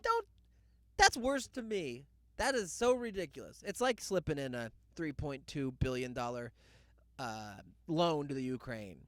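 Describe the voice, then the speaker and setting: A man hosting his own show, ranting loudly and sarcastically, with laughs in between. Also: fairly high pitch, very animated, measured pace, no room sound, studio quality. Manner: loud, sarcastic rants with laughs. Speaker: podcast host. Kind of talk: casual solo rant.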